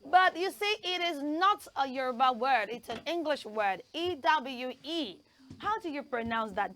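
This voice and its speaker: A woman presenting a children's pronunciation lesson, spelling words out letter by letter and leading lively call-and-response drills. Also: high voice.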